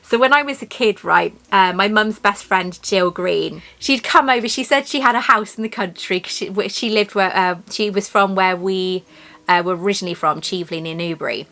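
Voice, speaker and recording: A woman's voice: mid-range voice, normal speed, gravelly, sharp tone. An English woman chatting casually as she unboxes a tea set, rambling and gasping with delight. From England.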